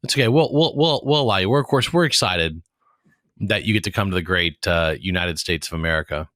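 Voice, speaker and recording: Deep-voiced joking podcast host, man in his forties. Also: fairly quick, fairly bright tone, no room sound, clean studio sound. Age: 40s. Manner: rambling, jokey, restarts words often. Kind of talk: casual chat.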